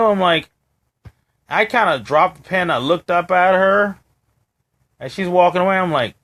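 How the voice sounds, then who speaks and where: A man telling a story on a casual live stream, stumbling over his words and acting out other people's lines. His voice sits high and swoops all over the place. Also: fairly quick. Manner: animated storytelling, acting out quoted voices, many restarts. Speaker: co-host.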